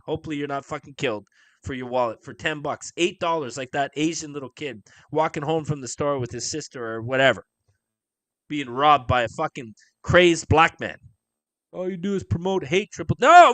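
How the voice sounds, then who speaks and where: Ranting, profane livestream host, lively pitch. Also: male voice, no echo. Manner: emphatic, profane ranting with rhetorical questions. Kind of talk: live-stream commentary over video clips.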